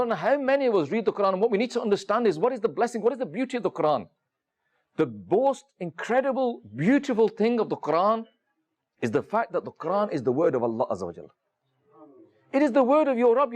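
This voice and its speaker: High-voiced man preaching a sermon. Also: darkish tone. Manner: storytelling, addresses the audience directly with many rhetorical questions; frequent "you know" fillers and restarts. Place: room with a seated audience.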